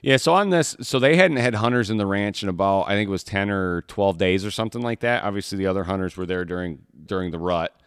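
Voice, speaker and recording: Telling a hunting story on a casual podcast, this co-host from Michigan speaks in a low, resonant, clear voice, expressive and fast with few pauses, rambling with repeated words and frequent restarts. Studio-quality audio, no room sound.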